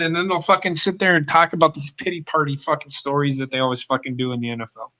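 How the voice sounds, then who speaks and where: A man with a high, bright voice rants in heated, blunt bursts. He swears constantly as he co-hosts a casual football talk show. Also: level tone, quick pace. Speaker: co-host. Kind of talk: profane football rant.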